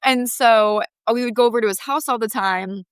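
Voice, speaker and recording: A young woman guest on a podcast, telling a personal story in a heartfelt, animated way with lots of "like". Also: fairly high pitch, brisk, clear, resonant tone, dry recording.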